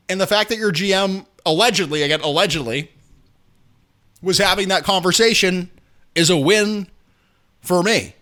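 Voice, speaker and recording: A man hosting sports talk, ranting with sarcastic energy. His voice sits high and sounds bright and forceful. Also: normal speed. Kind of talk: opinionated sports commentary.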